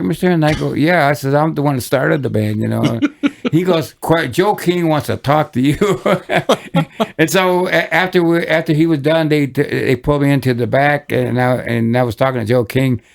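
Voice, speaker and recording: A man's voice: mid-range voice, creaky. An older man from Michigan, a guest musician telling long, rambling stories in a casual interview, with many restarts and chuckles. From Michigan, USA.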